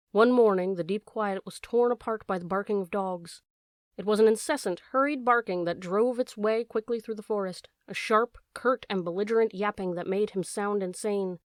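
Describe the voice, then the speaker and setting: A woman's voice: mid-range voice, dry recording. Woman reading a storybook, dry close mic. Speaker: audiobook narrator. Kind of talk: storybook narration.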